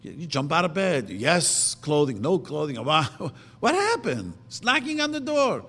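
A man preaches in a fairly high voice that leaps up and down with feeling. He presses his points with rhetorical questions and slows down to chant the verses. His voice rings out in a hall with a long reverb. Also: wildly swooping pitch, a bit bright, husky. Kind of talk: sermon.

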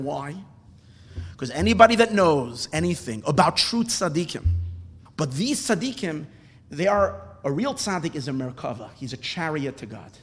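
Fervent, high-voiced man teaching Torah. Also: a bit bright, big-room sound. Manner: fervent, emphatic, with Hebrew and Yiddish terms. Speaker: rabbi teaching Hasidic thought. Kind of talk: impassioned Torah class.

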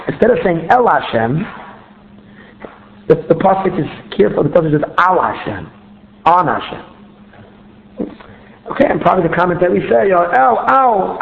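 A man's voice: sits high, gravelly. A man teaching a religious text step by step, often asking himself questions and repeating words as he searches for the next one. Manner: explains step by step, asks himself rhetorical questions. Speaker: Torah teacher. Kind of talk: text study lecture. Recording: tinny phone-line sound in a roomy space.

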